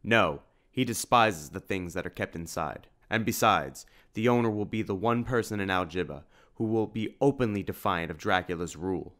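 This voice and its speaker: A man's voice: low voice, moderate pace, hardly any pauses, fairly bright tone. A man voicing a noble, earnest vampire hunter who speaks formally and commandingly, in an audiobook reading.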